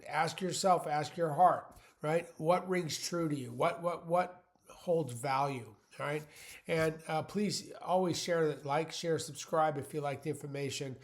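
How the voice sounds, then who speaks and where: A man's voice: on the high side, measured pace. A man hosting his own channel, talking blunt and plain-spoken in a rambling motivational monologue. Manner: rambling, many fillers and restarts. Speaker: channel host.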